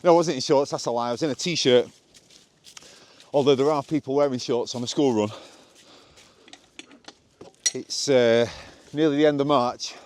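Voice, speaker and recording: A man's voice: mid-range voice, steady tone, moderate pace, long pauses, darkish tone, slight background noise. A man vlogging on a country walk outdoors, chatty and self-mocking, filmed on a handheld camera while walking. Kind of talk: rambling walk-and-talk vlog.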